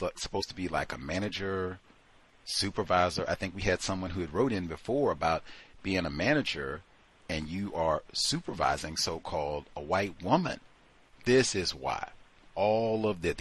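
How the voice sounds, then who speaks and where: A man with a somewhat low-pitched voice hosts a talk program and comments on stories in a loose, conversational style. He is emphatic and often incredulous. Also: a bit bright, husky. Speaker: host. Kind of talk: casual commentary on listener stories.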